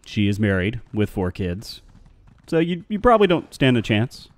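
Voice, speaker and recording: A man's voice: lowish voice, very animated, moderate pace, no room sound. A man chatting casually on a live game stream, rambling and answering his chat.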